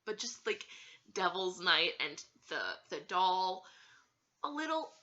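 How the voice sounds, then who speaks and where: A woman's voice: lowish voice, big pitch swings, takes it slowly, pushed and bright, muffled recording. A woman telling a story in a casual vlog, giggly and hesitant, with plenty of fillers.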